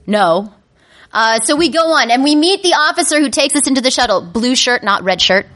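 Animated woman telling a comic story. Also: brisk. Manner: animated, self-mocking, comic; acts out her inner voices with sudden high-pitched panic. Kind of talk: personal storytelling to an audience.

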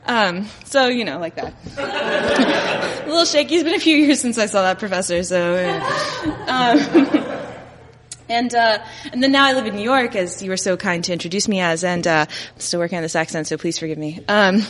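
A woman's voice: medium pitch, normal speed, a little hiss or hum. Playful woman telling stories on stage. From Dallas, Texas. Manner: playful, laughing often. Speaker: storyteller on stage. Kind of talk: live stand-up storytelling. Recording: live hall with long reverb.

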